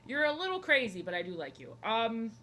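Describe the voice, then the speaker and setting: Bright-voiced rambling woman streamer. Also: on the high side, sing-song, brisk. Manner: rambling, filler-heavy, talks to chat. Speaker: art streamer. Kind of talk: casual chat while drawing on a live stream.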